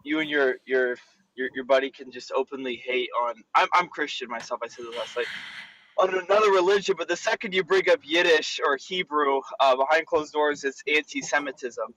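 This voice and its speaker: A male caller with a bright, sharp voice, pitched a little high, who halts and restarts often. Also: muffled recording. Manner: hesitant, halting.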